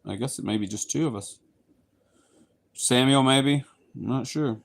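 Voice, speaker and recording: A man's voice: mid-range voice, measured pace, vocal fry. A man from Southeast Texas with a Texan accent, chatting casually with viewers on his livestream, playful and slipping into goofy voices. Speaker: livestream host. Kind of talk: casual live chat with viewers.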